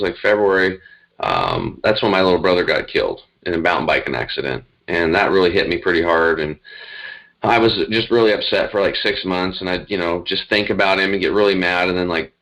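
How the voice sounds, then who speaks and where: A man with a deep, low voice tells his story as a guest. He rambles and talks in an animated, emphatic way. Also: low-quality recording. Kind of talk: conversational storytelling.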